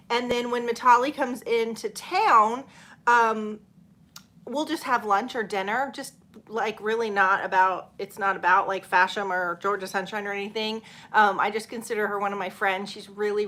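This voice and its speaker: This is a middle-aged woman, chatting loosely on a live stream. Her voice sits a little high and sounds clear and bright. She laughs easily and stops often to answer viewers. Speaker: channel host. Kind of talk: casual live-stream chat.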